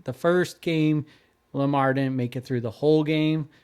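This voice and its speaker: Podcast guy reading off his notes, clean smooth voice, lots of uh and like. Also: on the high side, fairly even intonation, unhurried, a little mellow. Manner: reads notes and lists, hesitant with fillers. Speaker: podcast co-host. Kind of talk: casual chat, reading follow-up notes.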